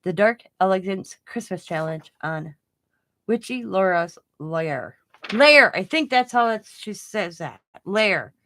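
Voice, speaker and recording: A woman's voice: medium pitch, a little slow, slight background noise, low-quality recording. A woman hosting a casual crafting livestream from her home craft room, chatting in a rambling way and laughing often. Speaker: craft channel host.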